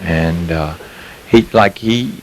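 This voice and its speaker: A man's voice: deep voice, slow, rough recording. A man in his fifties with a Southern US accent from Mississippi, telling folksy anecdotes with chuckles as an interview guest, a little tired. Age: 50s. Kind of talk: casual storytelling interview. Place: mobile home sales lot.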